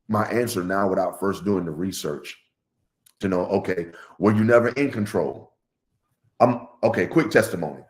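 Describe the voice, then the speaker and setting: A middle-aged man telling stories in a casual podcast chat, his pitch jumping high on the punchlines. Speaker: podcast guest.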